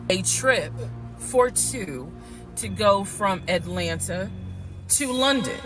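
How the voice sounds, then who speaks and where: A woman's voice: medium pitch, lively intonation, takes it slowly. A woman recounting a personal story in a monologue, quoting others as she goes. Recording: video clip with music behind. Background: music.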